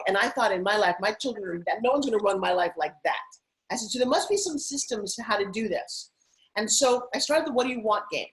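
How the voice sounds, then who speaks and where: A middle-aged woman, a TV host and spokesperson, telling animated stories as an interview guest. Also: mid-range voice, low-quality recording. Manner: animated, rapid anecdotal telling. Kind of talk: casual interview storytelling.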